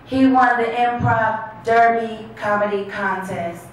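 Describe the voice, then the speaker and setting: A woman announcing acts on a talk show in a measured, announcer style. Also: on the high side, steady tone, a little hiss or hum. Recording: echoey studio from far off.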